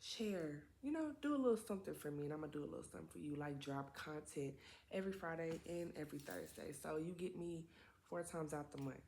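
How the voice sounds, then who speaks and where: A young woman with a low voice tells a story on her vlog. Her talk is slangy and full of swearing, with chatty side comments. Faint noise sits behind her. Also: animated, fast talker, creaky, darkish tone. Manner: slangy, profane, chatty asides. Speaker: vlogger. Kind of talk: casual storytime.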